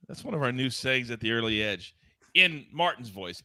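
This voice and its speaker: A man's voice: mid-range voice, big pitch swings, moderate pace, bright, forceful tone, dry recording. Fired-up man hosting a betting show. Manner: hyped, playful, reads viewer chat. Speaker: host.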